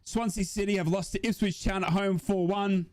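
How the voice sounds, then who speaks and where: A young man runs a live football watch-along, calling the action as an emotional, swearing fan. His voice sits high for a man. He talks straight to his viewers throughout the stream. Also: fairly even intonation, normal speed, darkish tone.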